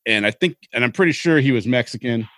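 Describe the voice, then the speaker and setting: A middle-aged man from Seattle co-hosting a podcast, telling rambling, animated stories in casual chat with some swearing. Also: mid-range voice, fast talker, no echo. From Seattle, Washington. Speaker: podcast co-host.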